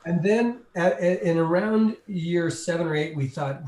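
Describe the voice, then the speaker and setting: A man, a guest in an interview, telling a long behind-the-scenes anecdote with lively energy and acting out the voices of the people in it. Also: high voice, moderate pace, hardly any pauses. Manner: animated, acts out the people in his story. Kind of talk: anecdotal storytelling. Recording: roomy echo.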